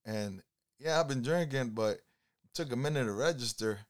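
A man's voice: medium pitch, moderate pace, close to an everyday voice. A man voicing a tipsy, embarrassed young male passenger who rambles through his story. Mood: sheepish.

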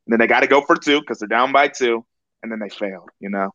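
A young man co-hosting a casual sports chat, a lively and playful storyteller. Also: medium pitch, fast talker, no echo. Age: young adult. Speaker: podcast co-host. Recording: dry, dull lo-fi recording.

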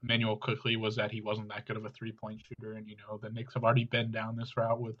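A man's voice: fairly low pitch, fast talker, dull audio. A man co-hosting a casual fantasy basketball podcast, talking through player stats steadily with frequent ums. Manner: steady, analytical, with many ums. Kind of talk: casual sports chat.

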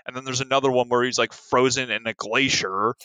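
A man's voice: mid-range voice, steady tone, a little fast, pushed and bright, clean tone, no echo. A man chatting casually about a monster movie, rambling with lots of filler words and a sarcastic edge.

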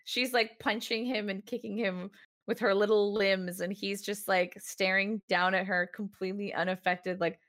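A woman co-hosting a casual book-club podcast, talking through a story with dry sarcasm. She breaks into laughter often and slips into quick mock voices for the characters. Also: mid-range voice, fairly even intonation, a bit bright. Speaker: podcast co-host.

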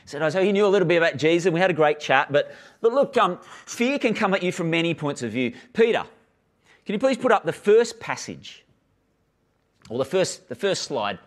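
A lively man preaches a sermon to a congregation, his pitch swinging widely as he acts out the voices in his stories. He sits a little higher than most men, and he laughs easily and talks in a casual, friendly way. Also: brisk. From Australia. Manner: animated storytelling, acts out dialogue, laughs easily. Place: church hall with live congregation and online stream.

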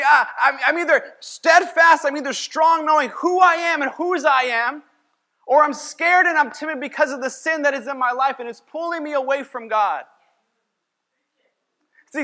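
A man's voice: very high voice, pushed and bright. A man preaching as a pastor, telling a personal story in a conversational sermon and acting out his own lines.

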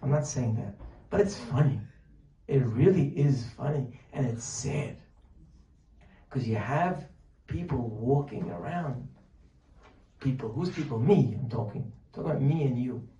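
A man giving a Torah talk as a sermon, animated and full of rhetorical questions, sometimes dropping to a near-whisper to act out pleading. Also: medium pitch, a little slow, long pauses. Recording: distant mic, echoey room, faint noise.

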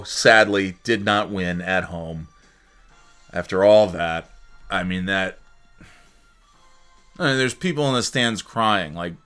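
A man's voice: lowish voice, fairly bright tone. A man hosting a casual solo sports talk show, rambling and joking with many fillers and restarts. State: sleepy, yawning. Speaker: sports podcast host.

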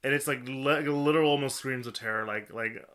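Bright-voiced man searching for words. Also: mid-range voice, clean tone. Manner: halting, restarts often, searches for words. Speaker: podcast co-host. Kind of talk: casual film review chat.

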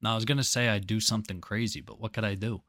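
A young man co-hosting a casual podcast, telling crude, jokey stories. His voice sits on the low side, and the sound is dry and close with no room echo. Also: steady tone, very fast, fairly bright tone. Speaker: podcast co-host. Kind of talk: casual chat.

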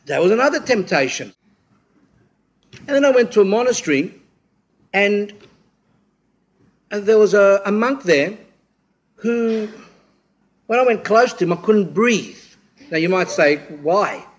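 Middle-aged man, slightly high voice, informal storytelling sermon with acted-out quotes. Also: animated, measured pace, pauses often. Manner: rambling storyteller, acts out quotes, frequent restarts. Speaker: speaker at a church talk.

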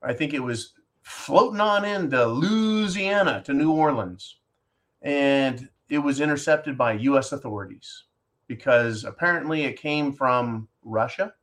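A man hosting a talk show, reading a listener's question and then ranting at length in a sarcastic, animated way, often calling his listeners "folks". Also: medium pitch, measured pace. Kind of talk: casual opinion talk show.

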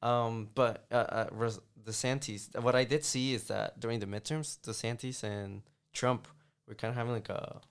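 A man talking politics in a casual, rambling chat, often halting and restarting mid-sentence. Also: medium pitch, steady tone, clean tone.

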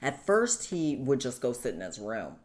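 A woman's voice: a bass voice, very animated, moderate pace, a little mellow. A middle-aged woman candidly telling her own story as an interview guest. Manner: candid, retelling past conversations. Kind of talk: personal story in a sit-down interview.

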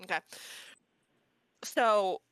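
A woman telling a story in casual chat, animated and profane, acting out quotes. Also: very slow, no echo.

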